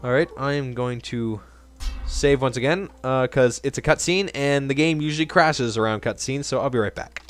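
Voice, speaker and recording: A man's voice: medium pitch, normal speed, faint music behind. A man hosting a let's play, giving jokey, rambling gameplay commentary. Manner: jokey, rambling, self-mocking.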